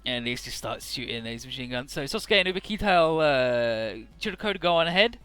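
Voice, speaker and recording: Male let's player, bright tone, loose and swearing, faint music behind. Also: mid-range voice, lively intonation, fairly quick, clear, resonant tone. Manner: casual, profane, paraphrasing dialogue loosely. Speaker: let's play narrator. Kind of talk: casual game commentary.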